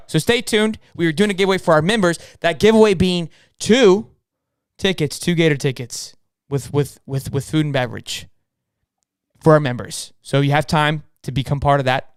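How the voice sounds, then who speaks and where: Young dude hosting a sports stream, highish smooth voice, dry sound, all hyped up. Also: male voice, no echo. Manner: hyped, rapid, slangy. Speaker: podcast co-host. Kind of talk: live-stream sports podcast banter.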